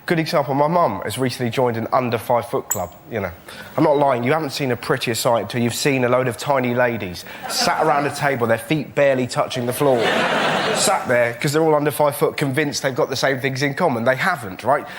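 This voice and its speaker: A man, a comedian on a panel show, telling excitable, laughing stories. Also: mid-range voice, slight background noise. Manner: fast, excitable, laughing storyteller. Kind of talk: stand-up routine on a panel show. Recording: loud studio audience laughter.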